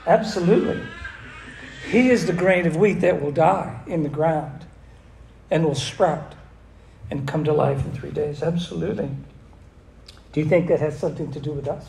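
A man's voice: fairly high pitch, creaky, a little mellow, slight background noise. Emphatic male preacher in echoey room. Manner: emphatic, asks the audience questions, reads verses slowly. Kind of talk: sermon teaching on scripture.

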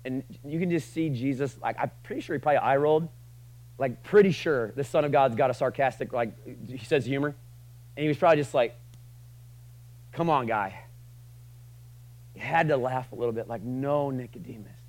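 A man preaching a sermon to a room, casual and joking, swinging from loud passionate lines to quiet asides. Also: medium pitch, fast, rough recording. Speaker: pastor.

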